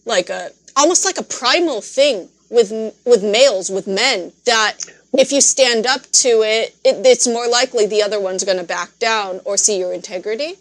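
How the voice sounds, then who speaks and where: A woman's voice: on the high side, normal speed. A woman hosting a podcast, asking long questions in a casual, joking way. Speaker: podcast host. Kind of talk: casual interview chat.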